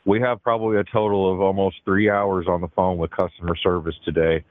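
A man with a fairly low voice calls in to a talk show and vents in a rambling, profane way. The phone line is thin and tinny, and the sound is dry and close. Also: little pitch movement, fairly quick, dry recording. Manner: rambling, profane, exasperated venting. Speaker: caller. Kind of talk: call-in chat.

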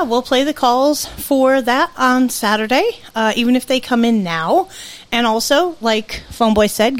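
A woman co-hosts a loose podcast livestream in a brash, profane, quick way. Her voice sits a bit high, and she sounds worn out after a long workday. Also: no echo. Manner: brash, profane, fast-talking. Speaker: podcast co-host. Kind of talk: casual livestream chat.

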